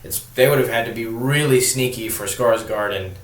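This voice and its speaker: A man's voice: mid-range voice, normal speed. A man giving a casual, rambling spoken review of a TV show, filling his talk with "like" and "you know". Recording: roomy echo.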